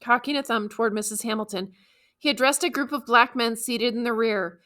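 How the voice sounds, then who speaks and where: Bright-toned woman reading an audiobook. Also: fairly high pitch, fairly quick. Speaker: audiobook narrator. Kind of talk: scripted first-person audiobook narration.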